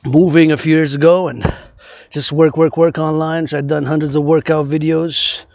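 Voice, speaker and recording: Man from Quebec, vlogging outdoors on a phone; slightly high voice, rambling and preachy, repeats himself. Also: level tone, moderate pace, vocal fry, a little mellow, no room sound. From Quebec, Canada. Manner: repetitive, impassioned, preachy. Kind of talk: rambling outdoor vlog monologue. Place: outdoors, moving around a city.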